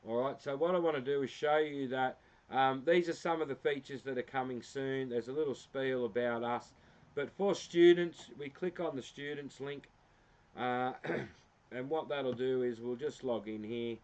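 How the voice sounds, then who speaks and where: An Australian man in an easygoing, rambling livestream, stopping often for ums and little jokes at his own expense. His voice sits at an ordinary middle pitch. The sound is a bit muffled and lo-fi, as if from a basic desk mic. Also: normal speed, darkish tone. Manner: rambling, filler-heavy, self-deprecating. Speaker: livestream host. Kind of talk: casual livestream walkthrough. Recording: slightly dull lo-fi sound.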